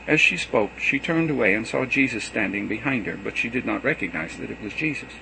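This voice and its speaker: Guy reading scripture dramatically, low but really animated, faint hum behind. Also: fairly quick, gravelly, few pauses, rough recording. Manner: expressive storytelling reading. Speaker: scripture reader.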